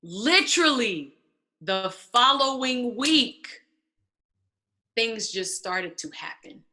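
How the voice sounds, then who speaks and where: A woman guest telling a personal story in casual conversation, animated and acting out quoted voices. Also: a little high, slow. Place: church stage.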